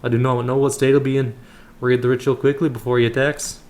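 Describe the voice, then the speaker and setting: A man voicing a calm, fatherly older monk elder who calls the listener child, reading in his everyday voice. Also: medium pitch, fast talker, natural voice. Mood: instructive.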